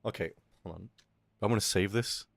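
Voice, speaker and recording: A young man streaming, chatting with his chat in a loud, swearing, laughing, animated rant. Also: lowish voice, normal speed, creaky, dry recording. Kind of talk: casual stream chat reading chat.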